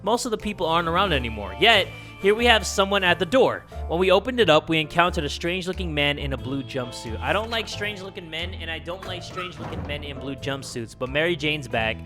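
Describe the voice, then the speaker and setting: A young man casually commenting on a survival game, reading its text aloud and yelling at it. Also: on the high side, fast talker, few pauses, music in the background. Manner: loud, excitable, yells and swears at the game. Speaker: gaming YouTuber. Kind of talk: let's play commentary.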